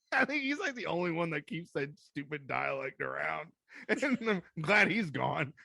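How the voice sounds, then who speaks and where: Animated, laughing Southern man. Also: on the high side, measured pace, vocal fry, no room sound, clean studio sound. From American South. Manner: jokey, swears, breaks into laughter and mock drawls. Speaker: podcast co-host. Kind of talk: casual chat.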